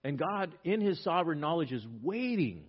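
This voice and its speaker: Fairly high in pitch, very animated and slightly rough, the man preaches at a moderate pace. As a pastor giving a sermon, he reads scripture aloud and gets louder to press his points emphatically, all captured on a dull lo-fi recording.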